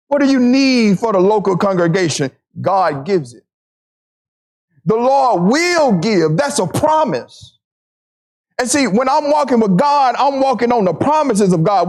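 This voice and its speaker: A man preaching a sermon to his congregation, repeating phrases for emphasis and slowing down to stress scripture. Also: extremely high pitch, a little mellow.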